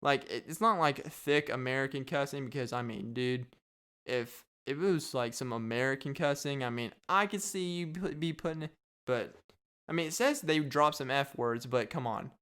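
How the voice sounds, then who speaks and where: Rambling man with a smooth voice. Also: mid-range voice, moderate pace, a bit bright. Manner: rambling, jokey, riffs and repeats himself. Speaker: podcast host. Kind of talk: solo comedic podcast rant.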